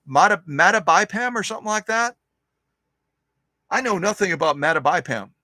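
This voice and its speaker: Man, live stream host, casual chat, rambling and upbeat, slightly high voice, dry close sound. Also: lively intonation, normal speed, bright, forceful tone, dry recording. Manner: rambling and upbeat, repeats himself, many filler uhs. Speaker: host of a vintage sewing machine live stream.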